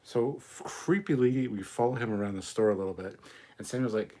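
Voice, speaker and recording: Man, husky voice, low pitch, live-stream host, casual rambling chat, swears a lot, drinking rum. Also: lively intonation, fairly quick, a little mellow. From Canada. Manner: swears freely, loose rambling storytelling.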